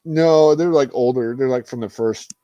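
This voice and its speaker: A man chatting casually on a livestream, animated and swearing, acting out film scenes with laughter. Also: medium pitch, moderate pace, no room sound, dull audio. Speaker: streamer.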